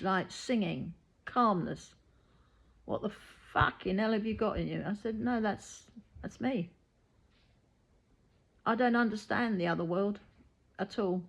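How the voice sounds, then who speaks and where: A woman, a reiki healer talking in a blunt, matter-of-fact monologue and acting out the voices of people she quotes. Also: mid-range voice. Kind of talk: casual spoken monologue.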